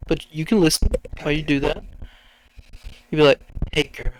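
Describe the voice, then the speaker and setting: Young guy cohosting a podcast, kinda high voice, giggles, loses his train of thought. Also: steady tone, brisk, rough recording. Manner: rambling, giggly, trails off mid-sentence. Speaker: podcast co-host. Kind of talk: casual joking chat.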